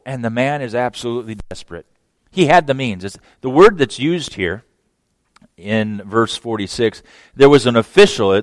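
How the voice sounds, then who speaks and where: A man's voice: medium pitch, dry recording. A man preaching a sermon who acts out scripture dialogue, raising his voice for the quoted characters.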